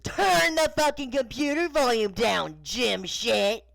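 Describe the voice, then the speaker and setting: A man's voice: extremely high pitch, slow, gravelly, no echo, pitched above the performer's own voice, full character voice. A man voicing a furious middle-aged father who bellows at his son. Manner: bellowing, shouting.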